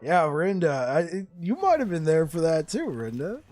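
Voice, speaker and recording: A man chatting casually with viewers on a live game stream. He laughs often, repeats words as he goes, and gets excited when telling a story. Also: on the high side, normal speed, soft background music.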